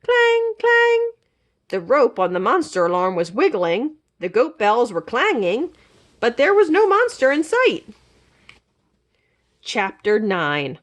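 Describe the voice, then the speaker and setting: A woman librarian reading a children's chapter book aloud in an expressive, animated manner. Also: fairly high pitch, unhurried.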